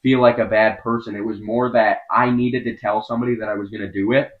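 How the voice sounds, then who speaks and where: A young man with a lowish voice tells his own story as a podcast guest, earnest and halting, leaning on filler words as he goes. The recording sounds a little dull and lo-fi. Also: little pitch movement. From Wisconsin, USA. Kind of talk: personal storytelling in an interview.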